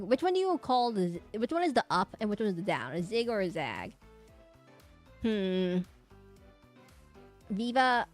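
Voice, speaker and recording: Woman streamer, chatty and giggly, rambles while drawing, mid pitch, soft music in back. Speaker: livestreamer. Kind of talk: casual livestream chat while drawing.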